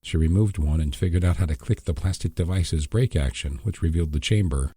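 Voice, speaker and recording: Deep-voiced man, measured audiobook reader, dark husky tone. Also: no echo, clean studio sound. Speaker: audiobook narrator. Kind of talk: scripted narration.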